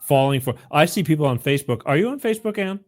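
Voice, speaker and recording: A man's voice: a little high, animated, fast. A middle-aged man hosting a call-in show, chatting casually and rambling, with frequent laughs and repeats. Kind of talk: casual call-in radio chat.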